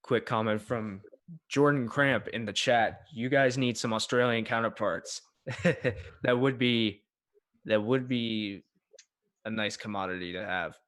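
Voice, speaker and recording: Low-voiced man hosting a livestream. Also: steady tone, unhurried, fairly bright tone. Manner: friendly, appreciative, rambling. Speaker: livestream host. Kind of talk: casual livestream commentary.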